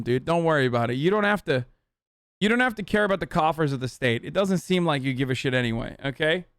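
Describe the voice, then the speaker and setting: A man's voice: fairly high pitch, fairly bright tone, clean tone, dry recording, clean studio sound. A man in his thirties streaming live, reacting with blunt, mocking, profane commentary.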